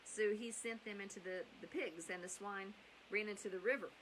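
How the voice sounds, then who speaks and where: A woman's voice: medium pitch, normal speed, fairly bright tone, a little hiss or hum, rough recording. A middle-aged woman hosting bedtime Bible stories, chatty and rambling, with asides and self-corrections. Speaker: storyteller and host.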